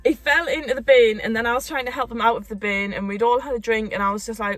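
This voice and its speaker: A young woman, telling a story in a casual chat, animated and quick to laugh. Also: fairly high pitch, soft background music. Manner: animated, laughing, acts out quotes. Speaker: co-host of a couple's channel.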